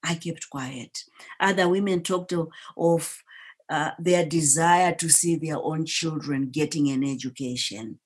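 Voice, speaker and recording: Slow, low-voiced woman from Zimbabwe. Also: fairly even intonation. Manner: slow, deliberate, emphatic storytelling. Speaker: speaker telling her life story. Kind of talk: storytelling talk.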